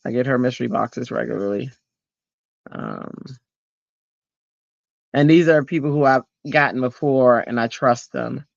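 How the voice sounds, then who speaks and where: Gravelly chatty man streaming. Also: medium pitch, unhurried, pauses often, no echo, lo-fi sound. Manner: chatty, rambling, greets viewers, many fillers. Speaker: card-making livestream host. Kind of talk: casual livestream chat while crafting.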